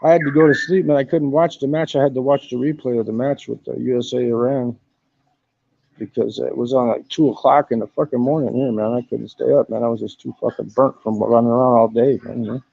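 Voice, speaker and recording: A laid-back man streams live from a Thai hostel, narrating a walkaround into his phone camera, swearing freely and saying "man" constantly. His medium-pitched voice is creaky and mellow, fairly even in intonation and fairly quick. The audio is dull.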